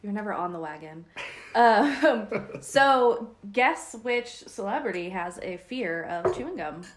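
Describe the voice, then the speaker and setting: A woman's voice: medium pitch, expressive, measured pace. A woman co-hosting a podcast with her husband, teasing him and laughing often in casual chat. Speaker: podcast co-host.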